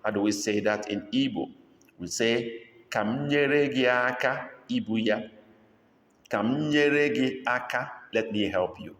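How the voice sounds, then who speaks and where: A man teaching a language lesson, repeating each phrase slowly and breaking it down word by word. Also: medium pitch, a bit bright. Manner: slow drilled repetition of phrases. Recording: echoey room with long reverb.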